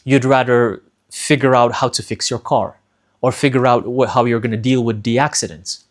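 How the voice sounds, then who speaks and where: A man's voice: mid-range voice, steady tone, moderate pace. A man speaking as a spiritual teacher, giving earnest advice in a monologue, often repeating key phrases and asking rhetorical questions.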